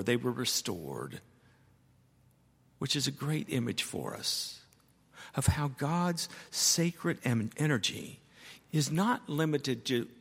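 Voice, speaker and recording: An older male pastor preaches in a church with a long, ringing reverb. His pitch sits in an ordinary middle range. He tells stories and leans on repeated words to drive his points home. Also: vocal fry, a bit bright, breathy edge. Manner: storytelling preacher, repeats key words for emphasis. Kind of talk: sermon. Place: church sanctuary.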